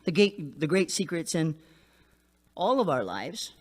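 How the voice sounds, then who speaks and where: Animated male pastor preaching. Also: a little slow. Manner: animated, acts out quoted people in a higher voice. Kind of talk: sermon.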